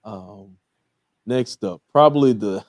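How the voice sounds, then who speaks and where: A man's voice: mid-range voice, slow, no echo, clean studio sound. A man with a Southern US accent, casually hosting a TV episode review, talking in a laid-back way with many fillers and chuckling at his own jokes. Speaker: podcast host reviewing a TV episode.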